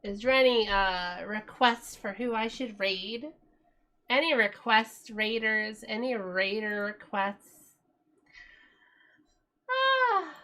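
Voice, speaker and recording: A woman's voice: medium pitch, slow, sharp tone. A woman streamer chatting casually with viewers, rambling and restarting her sentences, her voice tired. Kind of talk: casual live-stream chat.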